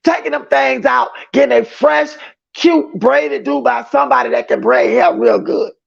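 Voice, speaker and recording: A high-voiced, gravelly man hosts a livestream of gossip commentary, reading chat aloud at a moderate pace with big pitch swings. He's chatty and emphatic, calling his viewers "y'all." The audio is dull and lo-fi.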